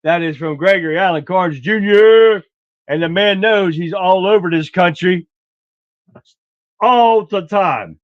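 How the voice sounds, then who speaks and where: A man hosting a political livestream, talking in a blunt, folksy way and clearing his throat often. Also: high voice, measured pace, no echo. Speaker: livestream host. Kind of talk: casual political commentary. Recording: dull lo-fi dry sound.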